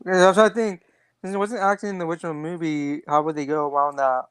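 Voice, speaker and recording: A chatty co-host with a smooth, clean voice, recorded close and dry with no room sound. They giggle often and keep cutting in with quick questions. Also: medium pitch, fairly even intonation, no echo. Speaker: podcast co-host. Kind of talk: casual chat.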